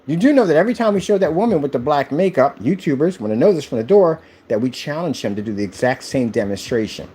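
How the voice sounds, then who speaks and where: Husky, animated man ranting on a livestream. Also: on the high side, fast talker, few pauses. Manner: animated and ranting, full of rhetorical questions. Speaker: owner of a screen paint company.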